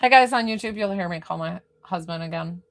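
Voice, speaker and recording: A woman with a noticeably creaky, gravelly voice hosts a live-streamed spiritual reading. Her talk is chatty and informal, and she easily sidetracks into other matters mid-session. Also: lowish voice, brisk. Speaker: spiritual medium.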